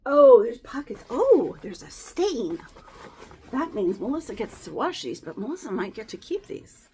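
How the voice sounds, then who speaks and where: A woman's voice: fairly high pitch, very animated, normal speed, dark tone, slight background noise. A woman chatting casually and rambling as she sorts and resells clothing, sometimes dropping to whispered asides. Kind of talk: casual chat while sorting clothes.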